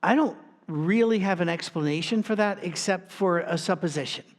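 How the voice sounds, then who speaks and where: A male pastor delivers a sermon in a conversational, storytelling manner. He talks informally, breaking off and restarting with asides. His voice sits a little on the high side for a man. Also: normal speed.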